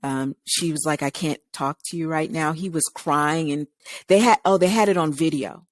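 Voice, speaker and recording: A woman with a voice that sits low co-hosts a radio talk show, speaking at a moderate pace in studio-quality sound with no echo. She casually recounts a long story, animatedly acting out each person's lines.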